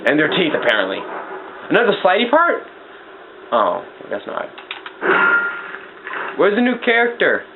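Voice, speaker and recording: A young man giving casual let's-play commentary, excitable and swearing as he talks to the game. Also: high voice, normal speed, long pauses. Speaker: gameplay commentator. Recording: tinny lo-fi mic with noise.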